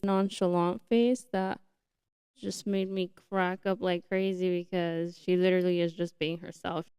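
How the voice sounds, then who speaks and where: A woman's voice: mid-range voice, clear, resonant tone, no room sound. Chatty young woman podcast host. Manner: chatty, excitable, says like a lot. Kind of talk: casual solo podcast chat. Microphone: new podcast mic setup.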